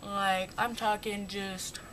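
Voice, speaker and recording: A woman's voice: flat delivery, slow pace, a bit bright. A young woman chatting casually through her makeup routine, rambling and joking at herself. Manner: chatty, rambling, self-mocking. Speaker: beauty vlogger. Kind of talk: casual makeup tutorial chat. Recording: noisy home recording with rumble.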